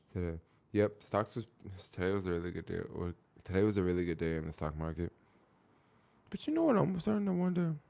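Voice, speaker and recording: A man's voice: low voice, creaky, a little mellow. A young man chatting casually on a live stream, rambling with lots of fillers and answering viewer comments.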